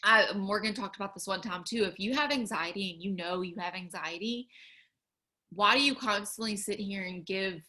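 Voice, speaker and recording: Hosting a livestream, a young woman speaks at a medium pitch and normal speed in a bright, forceful tone, casually and earnestly urging her viewers on in their faith, with plenty of fillers.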